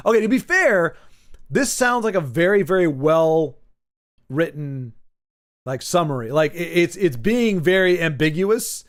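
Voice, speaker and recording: A man in his forties talks casually on a stream. He rambles, restarts his sentences and jumps animatedly between thoughts. His voice sits a little higher than most men's. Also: lively intonation, moderate pace, a bit bright. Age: 40s.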